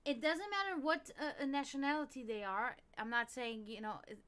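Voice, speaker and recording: A woman from Germany streams live, reading aloud and discussing esoteric texts, chatting casually, wandering off on tangents and swearing when something annoys her. Her voice is high-pitched, brisk and fairly bright.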